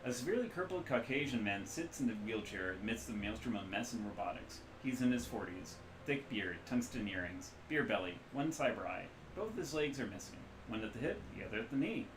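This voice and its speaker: A man's voice: fairly low pitch, expressive, a little fast, hardly any pauses, background noise. A man streaming, casually reading out a text game and adding his own asides. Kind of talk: live-stream game narration. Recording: roomy echo.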